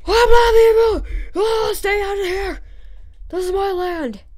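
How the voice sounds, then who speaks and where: A woman voicing a territorial male mountain man with a put-on Jamaican accent, yelling at intruders. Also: medium pitch, fairly even intonation, takes it slowly, close to an everyday voice.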